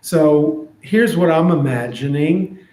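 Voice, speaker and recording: A man teaching an adult education class on a scripture story, in an easygoing, thoughtful way with many pauses and fillers, in a synagogue classroom. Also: a little high, warm tone. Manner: slow, thoughtful, with frequent hesitations. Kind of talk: informal Torah class. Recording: roomy echo.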